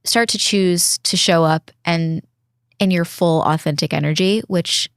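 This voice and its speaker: A woman in her thirties speaking as a podcast guest in an earnest, reflective way, slowing down to stress her points. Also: fairly low pitch, steady tone, smooth, dry recording, studio quality. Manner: earnest, reflective, slows down when emphasizing. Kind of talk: casual heartfelt conversation.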